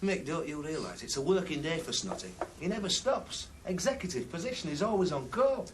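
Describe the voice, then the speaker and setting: A man's voice: a little high, big pitch swings, brisk. An actor playing a loyal, earnest Northern English rugby club man in a 1970s television drama, with a Northern English accent. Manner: earnest, defensive of his friend. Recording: noisy 1970s television soundtrack.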